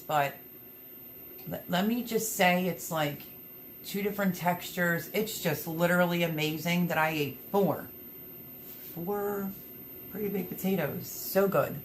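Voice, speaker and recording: A woman's voice: on the low side, a little slow, slight background noise. A woman hosting a casual livestream, chatting in an upbeat, rambling way and reading out viewer comments. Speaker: livestream host.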